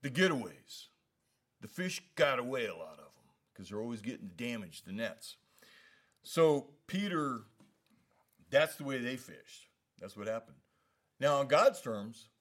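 Brief: man leading a Bible study, easygoing and conversational, pitch swings widely as he gets into it. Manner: conversational, animated, lots of "you know what I mean". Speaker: pastor. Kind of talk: casual Bible study teaching.

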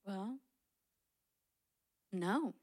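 A woman co-hosting a podcast, chiming in with quick, teasing reactions in casual chat. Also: mid-range voice, expressive, darkish tone. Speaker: podcast co-host.

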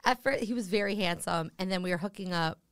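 Animated woman comic telling stories. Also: medium pitch, fast, no echo, clean studio sound. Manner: animated storyteller, acts out quoted voices. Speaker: comedian guest. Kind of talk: casual podcast chat.

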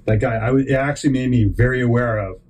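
Speaking quickly at a medium pitch, a man hosting his own podcast wanders through a personal anecdote, restarting sentences and voicing other people loudly and animatedly. The recording has its highs cut off and a little hiss or hum.

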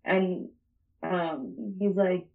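A woman's voice: lowish voice, steady tone, drawn-out words, gravelly, narrow, tinny audio. A young adult woman telling a story in casual chat, rambling and swearing, often breaking into laughter.

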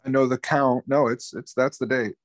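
A man's voice: medium pitch, steady tone, normal speed, background noise. A young man co-hosting a casual sports podcast, rambling in a frustrated tone and swearing now and then. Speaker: podcast co-host.

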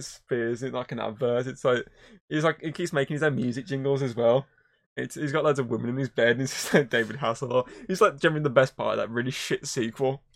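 Fast-talking, swearing podcast co-host man. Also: mid-range voice, vocal fry. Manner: rambling, swears a lot, acts out scenes in voices. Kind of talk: casual chat.

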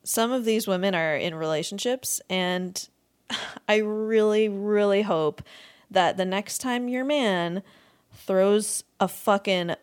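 A woman's voice: medium pitch, slow, clear, resonant tone. A young woman hosting a podcast, ranting in a crude, exasperated comedic monologue, swearing freely and breaking into laughter often. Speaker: podcast host.

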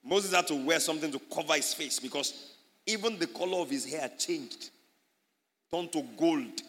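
A man preaching an animated sermon as a pastor, his voice rising loud on key points. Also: on the high side, normal speed, big-room sound.

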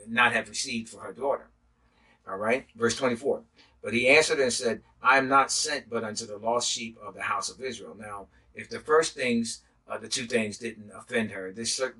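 A man, a pastor, teaching a sermon in a halting way with many filler sounds. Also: mid-range voice, pushed and bright, husky, far from the mic, rough recording.

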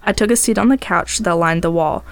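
A woman's voice: lowish voice, fairly quick, no echo. A woman podcast host narrating a tense first-person tale in a dramatic storytelling manner.

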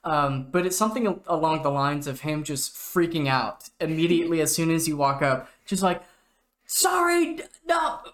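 A man's voice: a little high, fairly quick, few pauses. A young man co-hosting a podcast, talking casually and reflectively with hesitant restarts. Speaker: podcast co-host. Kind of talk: casual chat.

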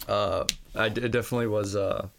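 A young man with a Wisconsin accent, a guest chatting on a podcast in a halting way, with many fillers and restarts. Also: fairly low pitch, steady tone, gravelly, background noise. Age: young adult. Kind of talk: casual podcast chat.

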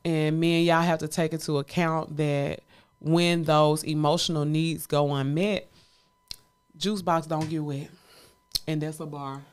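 A woman's voice: sits low, fairly even intonation, a little slow, smooth. A woman co-hosting a casual chat podcast, talking candidly and animatedly and laughing often. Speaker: podcast co-host.

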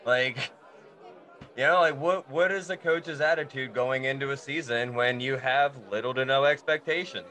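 A man's voice: mid-range voice, moderate pace, sharp tone. A man on a casual podcast giving a conversational sports rant and posing questions. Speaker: sports segment regular.

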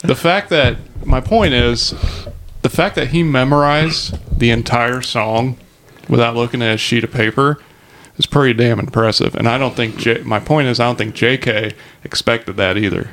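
A man with a gravelly, creaky voice chats on a movie podcast. He sounds laid-back and hesitant, and a faint hiss sits under the recording. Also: mid-range voice, normal speed, fairly bright tone. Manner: laid-back, hesitant, with fillers and trailing phrases. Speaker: podcast co-host. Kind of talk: casual movie discussion chat.

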